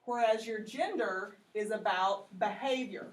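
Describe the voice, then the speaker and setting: A woman teacher talks through a lecture in a loose, conversational way and keeps checking in with her class. Her voice sits at an ordinary middle pitch. She is heard from some distance from the mic. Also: unhurried. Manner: conversational, asks the class questions, goes off on tangents.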